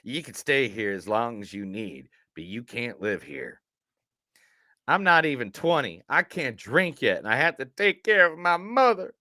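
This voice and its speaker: A man's voice: mid-range voice, very animated, a little slow, bright, forceful tone, no room sound, studio quality. A man doing brash drawling Southern small-town folks. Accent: Southern US put-on. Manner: drawling, exaggerated line readings.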